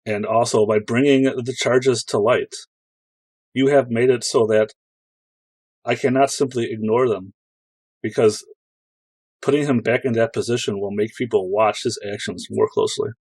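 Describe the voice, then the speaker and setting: A man's voice: medium pitch, steady tone, a little mellow, breathy edge, no echo. A man voicing a guarded male noble ruler who speaks formally and measuredly in a tabletop role-play game. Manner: measured, formal, slow speech.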